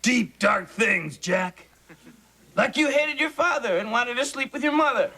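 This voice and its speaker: A man's voice: extremely high pitch, fairly quick, bright, forceful tone. A man voicing a sardonic, foul-tempered male stuffed bunny who talks in a snide, sarcastic, mock-dramatic way.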